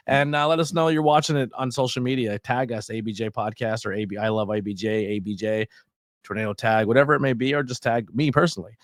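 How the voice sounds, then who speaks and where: Relaxed male podcast co-host, rambling. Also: mid-range voice, fast, no room sound, studio quality. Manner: relaxed, rambling, laughs often, many fillers. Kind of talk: casual wrestling podcast chat.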